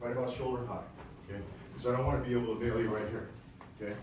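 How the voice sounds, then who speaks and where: A man with a Southern US accent leads a martial arts class, explaining calmly between loud barked counts. His voice is mid-pitched and sits far from the mic in a very echoey hall. A steady hum of room noise carries under everything. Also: racing. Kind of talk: teaching a class, calling counts. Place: large echoey training hall.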